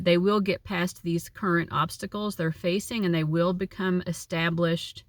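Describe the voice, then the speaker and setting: A woman's voice: lowish voice, no room sound. Chatty woman reading tarot cards. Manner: chatty, uses many fillers. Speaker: tarot reader.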